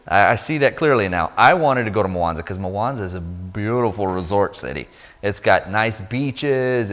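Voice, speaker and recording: A man giving a sermon testimony, telling his story with lively energy and acting out the voices of people he met. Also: fairly low pitch. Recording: long hall reverb.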